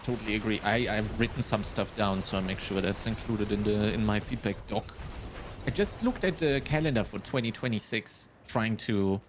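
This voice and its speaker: A man with a German accent talks casually on a live stream and reasons things through step by step as he speaks. His voice sits fairly low. A steady hiss of noise runs under the recording. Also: normal speed. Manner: thinks aloud, working things out step by step. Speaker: streamer and host.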